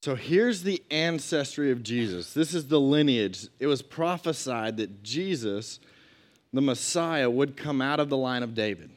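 A man's voice: medium pitch, expressive, a little slow. A man teaching a Bible lesson to a group in a conversational way, reading scripture and adding asides and questions.

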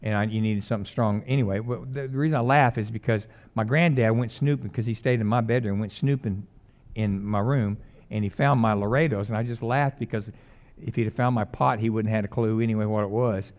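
A middle-aged male pastor preaching a conversational sermon, mixing loud emphatic lines with quiet, jokey personal stories. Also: lowish voice, fairly even intonation, brisk, few pauses, highs cut off.

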